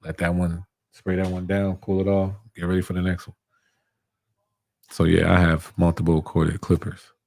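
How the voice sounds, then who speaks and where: A man's voice: low-pitched, completely flat delivery, normal speed, vocal fry, a little mellow, dry recording, studio quality. A young man who reviews barber tools, chatting casually on a live stream, reading viewer comments and answering in a laid-back, slangy way that repeats itself.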